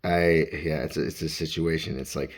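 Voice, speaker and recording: A man's voice: rumbling low, fairly even intonation, normal speed. A man vlogging as he walks around his home, rambling and swearing as he talks to himself in the second person. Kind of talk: rambling self-talk vlog. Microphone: handheld phone.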